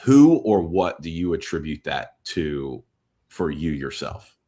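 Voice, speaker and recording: A man's voice: rumbling low, very animated, takes it slowly, warm tone. A man hosting a podcast, asking questions in an easygoing, encouraging way. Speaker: podcast host. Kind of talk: conversational podcast interview.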